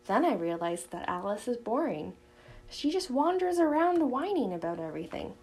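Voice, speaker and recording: A woman's voice: fairly high pitch, big pitch swings, normal speed, a little mellow, faint music behind, poor audio. A woman voicing a dramatic preteen girl who whines and sounds exasperated in a storybook reading. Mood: haughty. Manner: whiny and exasperated.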